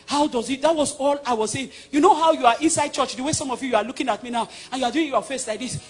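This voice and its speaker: A Nigerian man with a Nigerian accent preaches emphatically, alternating loud declarations with hushed passages. His voice is very high-pitched and he talks fast, with faint music in the background.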